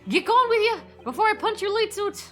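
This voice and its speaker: A gruff, suspicious prison governor, voiced by a woman with a shaky made-up accent and a bright edge. He is rude and blustering, over light game music. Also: a little high, brisk, natural voice. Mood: gruff, hostile. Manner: improvised wobbly put-on accent, breaking into laughter.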